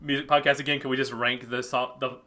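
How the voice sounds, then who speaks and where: Brief: male podcast co-host, bright sharp tone, animated gaming chat with restarts. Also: mid-range voice. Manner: animated, quick, lots of restarts and acted-out quotes.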